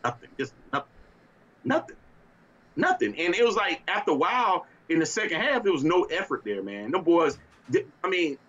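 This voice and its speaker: A man's voice: a little high, big pitch swings, brisk, bright, forceful tone, highs cut off. A man co-hosting a casual sports talk show, ranting in a fiery, exasperated way and breaking into laughter. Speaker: podcast co-host.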